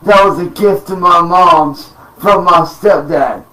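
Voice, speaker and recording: A man rants furiously and swears constantly, his voice pitched high for a man and his words dragged out slowly for emphasis. He sounds a little away from the microphone in an echoey room at home. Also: pushed and bright, recorded from a distance. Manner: profane, threatening, slow emphatic delivery. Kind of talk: angry rant to camera. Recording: roomy sound, off-mic.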